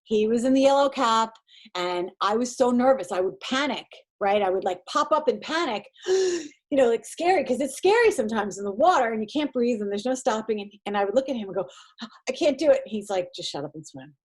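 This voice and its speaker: A woman, a podcast guest telling her story in casual, animated fashion, acting out the voices of the people around her. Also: a little high, fairly quick. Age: 40s. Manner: animated, acts out quoted voices, self-deprecating. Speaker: podcast guest, triathlete and performance coach.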